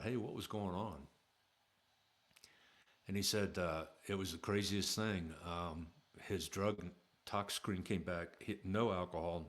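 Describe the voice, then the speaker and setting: A middle-aged man telling a personal story in a casual, halting way, with many fillers and restarts. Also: low-pitched.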